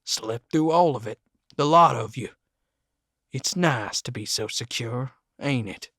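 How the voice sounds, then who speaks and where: A man voicing a bitter, menacing Southern man with a raspy, croaking voice and a Southern US accent, speaking slowly and accusingly. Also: mid-range voice, a bit bright, no echo, clean studio sound. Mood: brooding. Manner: slow, brooding, accusing.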